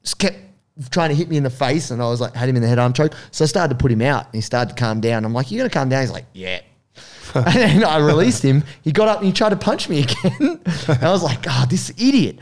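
A man's voice: mid-range voice, quick pace. A man with an Australian accent, casually telling a story and acting out the voices in it. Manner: animated, acts out voices in anecdotes.

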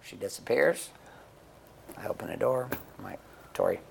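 A middle-aged man talks in a candid interview, blunt and profane, acting out quotes as he tells stories. His voice is gravelly and mid-pitched. A faint hiss sits under the recording. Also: moderate pace. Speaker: guest, men's coach and author.

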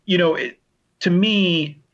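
A man's voice: sits high, slow, fairly bright tone. A male guest talks hesitantly about old films, with plenty of fillers. His voice comes through slightly muffled and dull. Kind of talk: casual film discussion.

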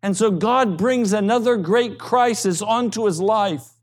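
A male pastor preaching a sermon with emphasis, swinging from loud high peaks to low quiet asides. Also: a little slow.

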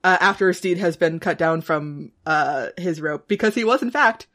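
A woman co-hosting a podcast, recapping a TV series in relaxed banter and laughing often. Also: lowish voice, normal speed. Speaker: podcast co-host. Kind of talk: casual chat recapping a TV show.

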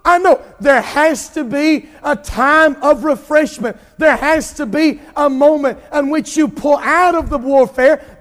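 A pastor preaching an impassioned sermon, drawing out emphatic lines and rising to shouts. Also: male voice, very high voice, in a large hall.

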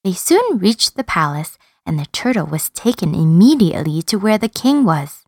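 A woman reading a children's story aloud in an expressive, sing-song storyteller manner. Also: medium pitch, normal speed, dry recording, studio quality, soft background music.

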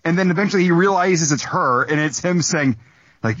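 A man's voice: sits high, very animated, fairly quick, a bit bright, husky, no room sound. A man co-hosting a movie podcast, picking apart a film's logic in a rambling, incredulous way. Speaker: podcast co-host. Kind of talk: casual movie-review chat. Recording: dry, dull lo-fi sound.

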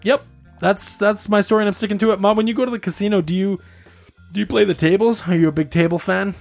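A man co-hosting a casual chat, telling a story in an animated, laughing way. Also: high voice, fast talker, creaky, soft background music.

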